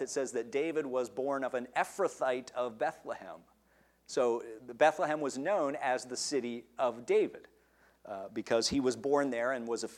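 A man preaching a sermon, asking his listeners questions and stressing key words. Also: mid-range voice.

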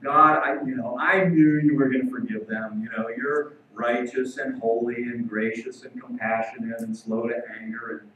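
A man's voice: mid-range voice, fairly even intonation, moderate pace, few pauses, pushed and bright, dull audio, a little hiss or hum, pitched below the performer's own voice, lightly acted. A man voicing Jonah as a sulking, self-justifying prophet in a sermon retelling. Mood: sulky. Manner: sulky, defensive complaining. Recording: very echoey hall, far from mic.

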